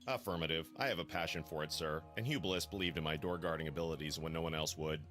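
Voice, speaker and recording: A rigid government agent who guards doors, talking in a dead-flat, formal monotone from an extremely low register with a bright, forceful edge. He sounds like a video game character, with faint music behind him. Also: fast talker. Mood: deadpan. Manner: deadpan, formal. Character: stiff male government agent guarding a door.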